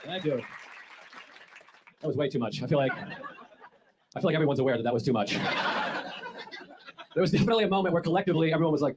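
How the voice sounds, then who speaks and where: Wry, quick stand-up comedian man. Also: mid-range voice. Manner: wry, self-deprecating observational delivery. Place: comedy club stage. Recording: noisy recorded stand-up clip.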